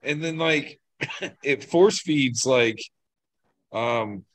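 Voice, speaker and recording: A man co-hosting a casual chat, joking around and telling animated stories with a husky voice. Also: mid-range voice, very slow, no echo.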